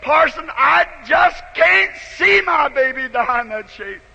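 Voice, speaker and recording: A woman's voice: high-pitched, expressive, a little slow, creaky, sharp tone, heavily acted. A man preacher quoting a grieving old mother who pleads for her dying son in his own voice, in a dull, echoing old recording. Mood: pleading. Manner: pleading, tender.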